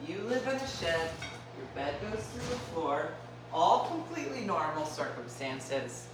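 A woman in her fifties chatting casually and jokingly to her viewers at home, often laughing. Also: low voice. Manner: chatty and jokey, with frequent laughs. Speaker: vlogger. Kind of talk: casual morning chat to viewers. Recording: echoey room with clear background noise.

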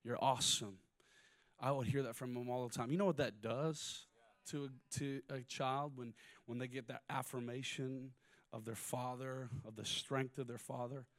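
A man preaching a sermon, moving between quiet personal stories and loud, rising exhortation. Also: mid-range voice, steady tone, normal speed. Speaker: pastor.

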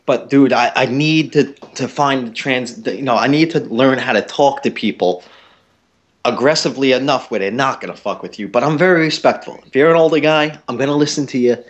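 Young man, podcast host, casual chat, animated, swearing, muffled lo-fi audio. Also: mid-range voice, brisk. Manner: animated storytelling, heavy swearing.

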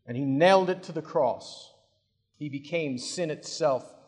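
Slow dramatic male preacher in a hall. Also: fairly high pitch. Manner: dramatic storytelling with swings between hushed and loud. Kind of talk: sermon. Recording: long hall reverb.

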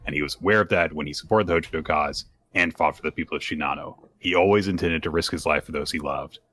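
A man co-hosting a podcast, summarizing comic chapters in a measured, explanatory way. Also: a bass voice, sharp tone, a little hiss or hum. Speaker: podcast co-host. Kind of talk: casual chat, recapping comics.

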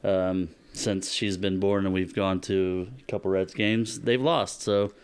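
A man talks as a podcast guest in his own home. His voice is low and smooth, and he speaks bluntly and swears without a second thought. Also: level tone, a little slow. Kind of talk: casual podcast chat.

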